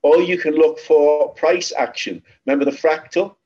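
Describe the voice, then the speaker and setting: A man's voice: on the high side, normal speed. A man with a Liverpool accent hosting a trading webinar, talking informally and repeating himself as he explains charts. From Liverpool, England. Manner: chatty, repetitive, lively storytelling. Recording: slightly dull lo-fi webinar audio.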